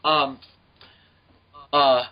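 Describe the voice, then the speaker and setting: A young man hosting a podcast, telling a story in a profane, animated way and acting out the voices of the people in it. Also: mid-range voice, extremely slow. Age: young adult. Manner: profane, animated, acts out voices in his stories. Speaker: podcast host. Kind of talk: casual storytelling chat. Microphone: home mic on a voice call. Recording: muffled lo-fi call audio.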